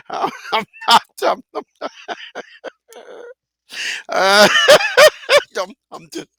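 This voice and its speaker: Man, radio host, bright edgy voice, dry close sound, laughs a lot, swears. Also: sits high, very slow, gravelly, dry recording. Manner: animated, profane, laughs often, repeats himself. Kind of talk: live talk radio monologue.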